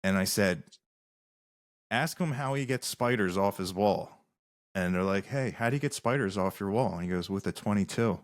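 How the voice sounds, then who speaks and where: A man's voice: on the low side, moderate pace. A man, a musician guest on a podcast, telling rambling stories in casual interview talk with many restarts.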